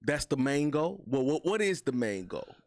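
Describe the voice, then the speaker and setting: A man hosting a casual interview, easygoing and quick with affirming interjections. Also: on the high side, sing-song, a little mellow, no room sound, clean studio sound. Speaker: host.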